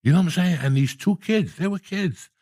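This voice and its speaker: A man in his sixties telling a story in casual, profane, animated style, with loud outbursts. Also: high voice, a little fast, no room sound, clean studio sound. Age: 60s. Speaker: podcast host.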